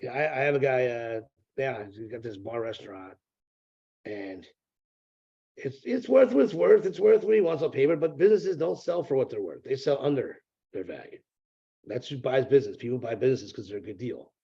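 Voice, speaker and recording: A mellow, warm-toned man speaks in a casual interview, rambling through repeated words and dropping the odd curse. His voice arrives over a dull, lo-fi remote line. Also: medium pitch, expressive, a little fast, gravelly, breathy edge. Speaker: real estate broker, podcast guest.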